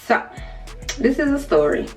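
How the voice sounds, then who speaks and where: A woman's voice: high voice, very animated, normal speed, a little mellow. A young woman vlogger telling a casual story, chatty and speaking straight to her viewers with side remarks. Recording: distant mic with faint music.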